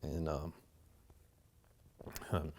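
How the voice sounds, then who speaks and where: A man's voice: a bass voice, flat delivery, drawn-out words, a little mellow, full character voice. A man acting a one-man stage monologue as a rambling blue-collar husband talking to a police officer, saying "man" constantly and restarting his sentences. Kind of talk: theatrical monologue.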